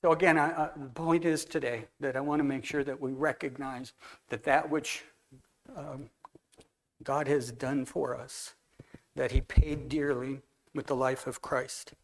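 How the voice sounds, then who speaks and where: A man preaching a relaxed, anecdotal sermon to a church congregation, telling stories and talking with people in the room. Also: medium pitch, unhurried. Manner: conversational, anecdotal, walks among the congregation. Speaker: guest preacher. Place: church hall.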